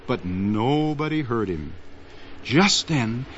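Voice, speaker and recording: A man's voice: mid-range voice, expressive, fairly bright tone, husky. A man narrating a children's story in a sing-song way, stretching words for effect, on a dull lo-fi old recording. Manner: sing-song, drawn-out emphasis.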